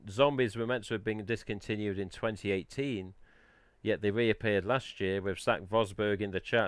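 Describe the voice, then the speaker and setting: A man's voice: on the low side, clear, resonant tone, no echo. A man hosting a casual live stream, chatting in a rambling way and answering the chat. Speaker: livestream host.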